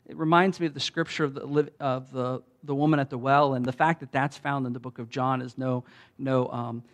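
A man preaching a sermon in a conversational way, with restarts, often rising loud when he quotes. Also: medium pitch, fairly even intonation, fairly quick. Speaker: pastor.

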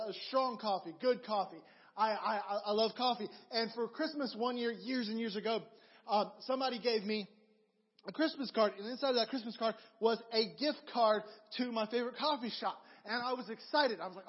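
A man preaching a sermon as a pastor, telling stories with lively repetition and stammered restarts. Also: high-pitched, slightly rough. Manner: animated storytelling with repeated phrases. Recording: dull recording in a reverberant hall.

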